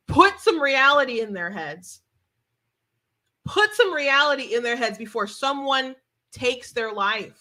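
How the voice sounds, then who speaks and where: A woman delivers opinionated news commentary in a bright, forward voice. She sits a little higher in pitch than most. She presses her points and repeats them for stress, often restarting her sentences. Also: lively intonation, a little slow. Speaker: commentary show host.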